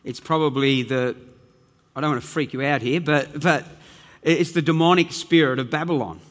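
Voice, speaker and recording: A man's voice: on the high side, moderate pace, in a large hall, highs cut off. A man preaching a sermon as pastor, earnest and emphatic, often repeating words as he builds his point.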